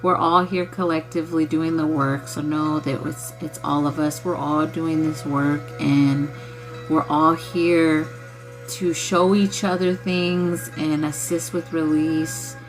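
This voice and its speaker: A woman's voice: low-pitched, fairly even intonation, slow, soft background music. Blunt, swearing woman livestream host. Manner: blunt, profane, laughs often. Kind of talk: casual spiritual livestream talk.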